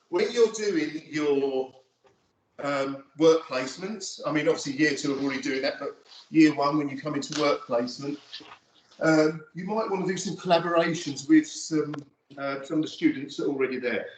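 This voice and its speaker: Give me a chatty photography lecturer, recorded from across an echoey studio. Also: male voice, fairly high pitch. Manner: chatty and rambling, many fillers. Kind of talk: casual studio demonstration to students. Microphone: phone camera from across the room. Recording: roomy, distant, dull audio with faint noise.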